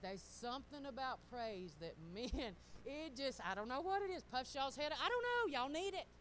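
Lively woman preaching casually. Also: high voice, moderate pace, a little hiss or hum, poor audio. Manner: animated, laughing, talks straight to the congregation. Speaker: pastor's wife. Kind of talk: casual sermon storytelling.

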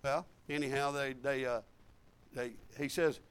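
A man preaching a sermon in a folksy, animated storytelling way. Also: mid-range voice, measured pace, smooth.

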